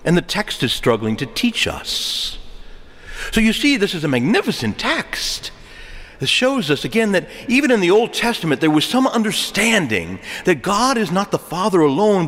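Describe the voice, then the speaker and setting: Man, preacher, sermon, lively pitch, rhetorical questions, echoing hall. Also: normal speed. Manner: animated, rhetorical questions, jokey asides. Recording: long echo of a large hall.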